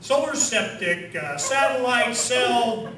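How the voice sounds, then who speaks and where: A man giving an animated rally speech at a conference, firing off rhetorical questions and leading chants. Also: very high-pitched, takes it slowly. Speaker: conference speaker. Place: conference hall with audience. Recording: echoey hall, distant mic, crowd.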